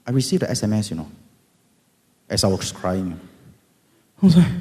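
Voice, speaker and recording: Lively Singaporean man telling his story. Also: mid-range voice, moderate pace, pauses often. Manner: animated, dramatic, bursts of loud emphasis. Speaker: speaker giving testimony. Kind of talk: storytelling testimony talk. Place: event hall. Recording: long hall reverb.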